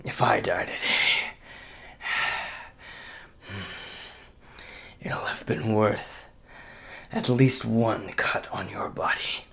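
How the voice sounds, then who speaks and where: A man's voice: lowish voice, takes it slowly, vocal fry, full character voice. A man whispering as a grim wounded swordsman. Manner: quiet, menacing. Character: wounded male swordsman, grimly resolved.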